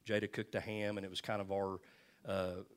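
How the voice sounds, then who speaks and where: An older man preaching from the pulpit with a low voice. He talks to the congregation like old friends, with folksy asides and repeated phrases for emphasis. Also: level tone, fairly quick. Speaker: pastor. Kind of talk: sermon.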